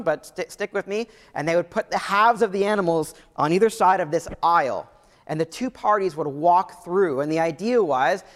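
A man's voice: fairly high pitch, fairly bright tone. A man in his thirties preaching a sermon in a conversational way, often repeating phrases and restarting sentences. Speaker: pastor. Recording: long hall reverb.

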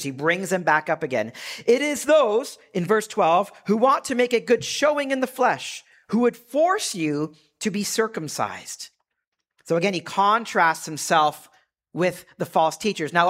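A man preaching a sermon to his congregation, earnest, rising for emphasis and dropping low and quiet. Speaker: pastor.

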